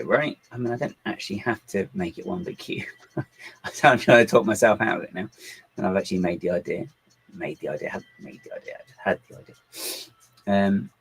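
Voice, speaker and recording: A man's voice: fairly low pitch, creaky, slightly rough, low-quality recording. A man chatting casually on a livestream as he builds LEGO, reading out viewers' comments and muttering his thoughts to himself. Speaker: LEGO builder streaming live.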